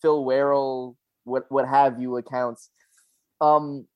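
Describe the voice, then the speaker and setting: A man's voice: mid-range voice, level tone, slow pace, clean tone, no room sound, dull audio. A young man co-hosting a podcast, chatting casually with a rambling, laughing, swearing manner. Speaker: podcast co-host. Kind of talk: casual chat.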